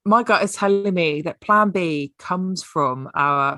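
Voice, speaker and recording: A woman coach, a guest on a podcast, talking in a relaxed and reflective way in a casual chat. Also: lowish voice, takes it slowly, few pauses, no room sound, clean studio sound. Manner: relaxed, reflective, laughs easily.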